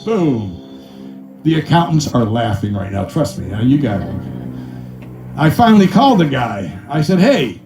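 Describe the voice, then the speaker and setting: A middle-aged man doing stand-up accountant jokes, acting out his clients in high voices and punching each punchline with 'ba-boom'. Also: sing-song, unhurried, a little mellow, faint music behind. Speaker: comedian and musician telling accountant jokes. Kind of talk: stand-up joke telling. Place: small room with a live audience. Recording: echoey room, mic at a distance.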